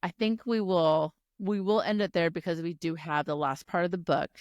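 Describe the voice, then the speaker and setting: A woman with a lowish voice co-hosts a book podcast. She talks emphatically in relaxed chat. The sound is dry and close. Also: moderate pace, no echo. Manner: wraps up the episode, chatty and emphatic. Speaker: podcast co-host. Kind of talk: casual book-club chat.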